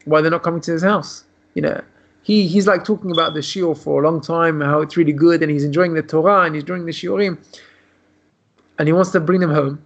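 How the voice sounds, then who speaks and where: Male rabbi with a high voice, rambling storyteller, muffled call audio. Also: fairly even intonation, a little fast, gravelly. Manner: loose, run-on retelling. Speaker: rabbi teaching. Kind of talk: storytelling lesson. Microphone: video call. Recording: dull lo-fi video call audio.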